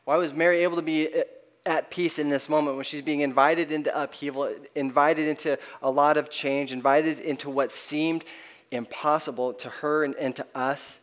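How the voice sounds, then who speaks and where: A middle-aged man, a pastor preaching a sermon in an earnest, halting way, often restarting and letting his phrase ends trail off softly. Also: a little high, fairly even intonation.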